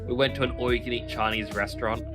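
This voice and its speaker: A man's voice: medium pitch, fast talker, over music. A man chatting casually on a livestream, telling a long anecdote and acting out the voices of the people in it. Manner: animated anecdote teller, acts out quoted voices. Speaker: stream guest. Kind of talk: casual storytelling chat.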